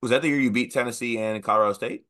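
A young man co-hosting a casual sports podcast, animated and joking, mocking coaches with put-on quotes. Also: medium pitch, rapid-fire. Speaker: podcast co-host.

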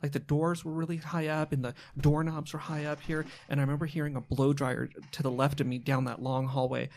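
Man, psychic medium guest, quick vivid storytelling, casual podcast chat. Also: fairly high pitch, level tone, darkish tone, slight background noise. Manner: rapid, vivid storytelling with swearing.

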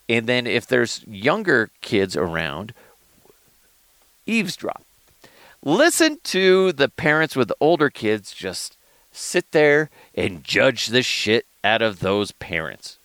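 A man talks through a casual solo podcast from inside a car, cursing freely and laughing as he tells stories. His low, gravelly voice swings widely in pitch. The sound is dry and close. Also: no echo. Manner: profane, animated storytelling, frequent laughs. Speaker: podcast host.

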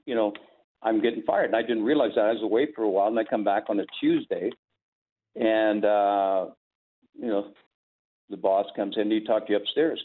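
A man's voice: lowish voice, normal speed. An older man tells rambling stories and chuckles through them, acting out the lines of the people in them. His voice comes through a thin, tinny, phone-like line. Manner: chuckling, rambling anecdotes with quoted dialogue. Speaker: podcast guest, former sportscaster. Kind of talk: casual storytelling.

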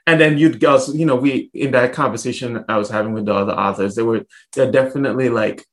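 This man, an author from St. Thomas in the U.S. Virgin Islands, answers questions in a casual interview with thoughtful, measured speech, pausing and restarting as he goes. His voice is medium in pitch with a fairly bright tone.

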